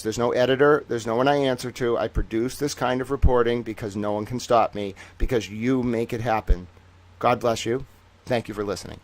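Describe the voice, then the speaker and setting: A man hosting an independent news livestream, reading through court documents with excitable, profane commentary that swings between loud outbursts and low muttering, and slowing right down for the big reveals. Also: no echo. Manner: slow, drawn-out announcer-style delivery for the big reveals. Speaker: independent journalist and show host.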